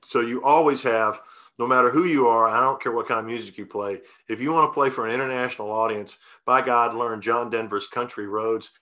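A man telling stories in a relaxed interview, folksy and rambling, with many restarts and fillers. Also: mid-range voice, a little fast. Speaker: guest singer-songwriter. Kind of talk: casual interview storytelling.

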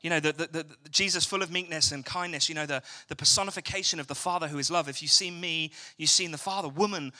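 Bright-voiced English preacher. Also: male voice, on the high side, steady tone, fast, few pauses. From England. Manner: chatty, jokey, asks the crowd questions. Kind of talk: evening church sermon. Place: church hall.

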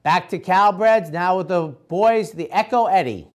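A male racing show host with a fairly high voice. He recaps the results and payouts in a casual, chatty manner and talks straight to his audience. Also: unhurried.

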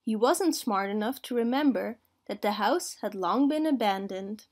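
A woman reading a children's picture book aloud in a slow, clear, expressive way. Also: fairly high pitch. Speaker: storyteller.

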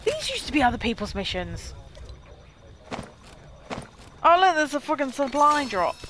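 A young woman giving chatty, excitable commentary while streaming a game. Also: high voice, a little fast, a little hiss or hum. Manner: chatty, excitable, talking to herself. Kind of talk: casual live gameplay commentary.

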